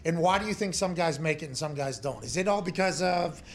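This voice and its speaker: Man, 30s, sports talk host, gravelly voice, fairly high pitch, profane, heated storytelling. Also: lively intonation, a little fast. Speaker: host, former punter. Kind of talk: casual sports talk show chat.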